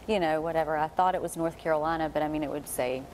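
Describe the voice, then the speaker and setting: A woman's voice: low-pitched, fairly even intonation, fast, darkish tone, a little hiss or hum, low-quality recording. A woman guest on a television talk show, telling her own story earnestly and reflectively. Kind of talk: TV interview.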